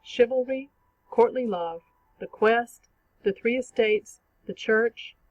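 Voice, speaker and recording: A teacher giving a clear, measured, scripted narration for an online literature lesson. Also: mid-range voice, dry recording, muffled recording. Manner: clear, measured explanatory reading.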